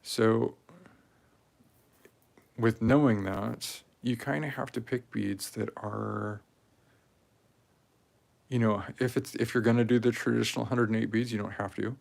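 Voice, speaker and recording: A man in his forties talking casually and rambling while he strings beads, with many pauses and fillers. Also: medium pitch, steady tone, vocal fry, a little mellow. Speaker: craft video maker. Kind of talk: casual talk while crafting.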